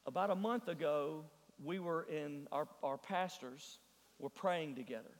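A man preaching a sermon as pastor, moving from hushed storytelling to fervent, rising exhortation. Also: a little high, a little slow, long reverb tail. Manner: earnest preaching, swings from hushed storytelling to fervent build-ups. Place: church sanctuary.

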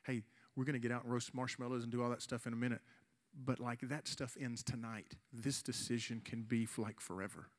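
Pleading with the room and slowing for emphasis, a youth pastor in his forties delivers an earnest sermon with an altar call. He speaks at a medium pitch, keeping his intonation fairly even.

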